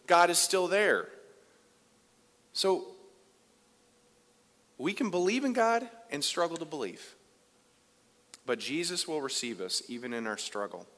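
A man preaching a sermon as pastor, conversational, moving between loud emphasis and quiet asides. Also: on the high side. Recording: long reverb of a large hall.

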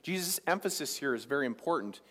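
Man, pastor, conversational sermon, lively pitch, long hall reverb. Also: quick pace. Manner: conversational preaching, animated, asks the congregation questions.

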